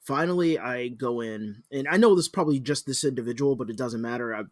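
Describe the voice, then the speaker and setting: A man with a mid-range voice tells his stories in a low-key, wry way during a casual podcast chat. The sound is dry and close to the mic. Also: fast talker, no room sound. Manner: wry, disgusted groans, low-key storytelling. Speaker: podcast co-host.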